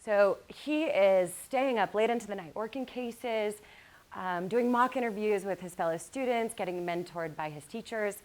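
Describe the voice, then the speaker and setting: A woman giving a motivational keynote to college students, mixing lively storytelling with calm guided meditation passages. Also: mid-range voice, normal speed. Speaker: motivational speaker.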